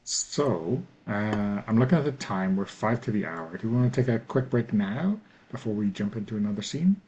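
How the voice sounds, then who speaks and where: A man running an online tabletop role-playing game in a relaxed, questioning way. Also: on the low side, normal speed. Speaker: game master.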